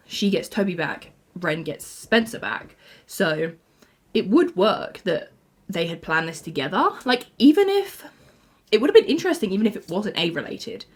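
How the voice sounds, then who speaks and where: Young woman, casual fan commentary, rambling and chatty, slightly gravelly voice. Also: lowish voice. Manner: rambling, lots of 'like', laughs often. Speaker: YouTuber.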